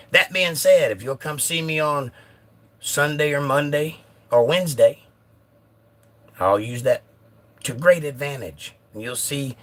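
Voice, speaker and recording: A man's voice: medium pitch, pushed and bright. A man hosting a casual phone livestream, chatting and reading viewer comments aloud with a joking manner. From United States. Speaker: livestream host.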